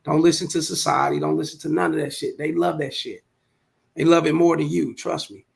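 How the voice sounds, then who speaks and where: A vlogger in his forties tells a rambling, profane, slangy story straight to the camera as a casual monologue. His voice is on the high side and brisk, with a steady tone and vocal fry.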